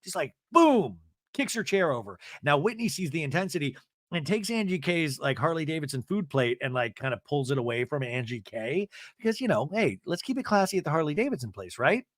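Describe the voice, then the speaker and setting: Animated man recapping reality TV. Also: fairly high pitch, fairly quick, no room sound, clean studio sound. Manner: animated storytelling, swearing, laughing at the drama. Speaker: podcast host.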